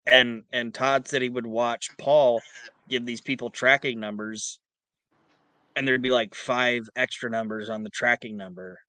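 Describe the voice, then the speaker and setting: A man on a podcast retells stories with lively energy and some cursing. His voice sits in the middle range. It sounds dry and close to the mic. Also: mid-range voice, measured pace, no room sound. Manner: animated retelling of anecdotes with swearing. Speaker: podcast co-host. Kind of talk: casual chat.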